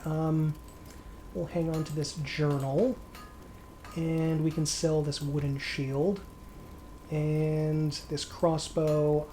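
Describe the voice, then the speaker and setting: A man's voice: on the high side, mellow. A man casually commenting on his gameplay in a chatty, rambling way, often correcting himself. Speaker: let's play host.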